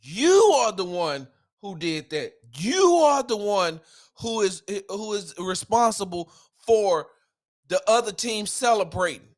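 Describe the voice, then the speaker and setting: A man's voice: high-pitched, sing-song, takes it slowly. A man hosting a solo sports podcast, ranting in a heated, emphatic way with casual slang.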